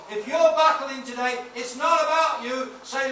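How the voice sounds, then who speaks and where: A man in his sixties, a pastor preaching a sermon in a large church, mixing personal stories with emphatic, shouted praise. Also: very high voice, moderate pace, few pauses, a little hiss or hum. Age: 60s. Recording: echoey hall, mic off at a distance.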